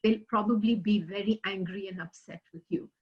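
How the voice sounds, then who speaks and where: A woman presents a workplace skills workshop at an ordinary middle pitch. She talks earnestly and acts out example phrases. The audio is a little dull and lo-fi. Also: fairly even intonation, brisk.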